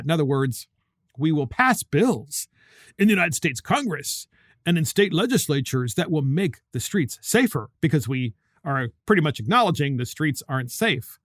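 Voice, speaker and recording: Male commentary host, fairly high voice, sarcastic and scornful, lively swings, close dry sound. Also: dry recording. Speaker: host of a political commentary show. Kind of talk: opinion commentary.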